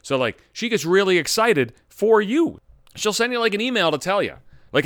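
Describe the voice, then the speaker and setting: A man rants through his own podcast in a profane, exasperated torrent that keeps escalating. His voice sits a little high for a man and swings all over the place. The sound is close and dry on a studio mic with no room around it. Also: sing-song, normal speed, a bit bright, dry recording. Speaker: podcast host and voice actor. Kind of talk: ranting podcast monologue.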